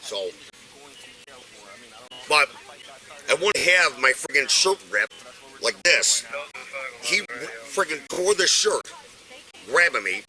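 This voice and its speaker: A man's voice: a little high, big pitch swings, slow, long pauses, bright, forceful tone, low-quality recording. An older man arguing insistently with police outdoors, caught on a body camera. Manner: agitated, insistent, swearing. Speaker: detained resident. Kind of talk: heated argument with police. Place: outdoors on a street.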